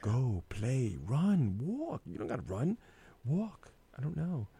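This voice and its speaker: A man in casual conversation, an animated storyteller who acts out his own inner thoughts aloud. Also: mid-range voice, slow, vocal fry, slightly rough.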